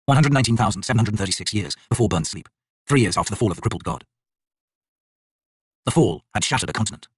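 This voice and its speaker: Guy narrating an audiobook, reads really fast, kinda husky, grave tone. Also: on the low side, expressive, no room sound. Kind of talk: scripted narration.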